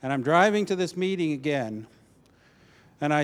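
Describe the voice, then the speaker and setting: A man preaching a personal testimony, telling the story animatedly with halting restarts. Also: fairly high pitch, lively intonation.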